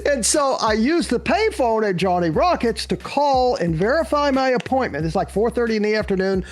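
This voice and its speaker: An older man telling lively stories as a podcast guest, acting out the people he quotes and laughing along. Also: very high voice, moderate pace. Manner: lively storyteller who acts out quoted voices and laughs often. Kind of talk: animated anecdote telling.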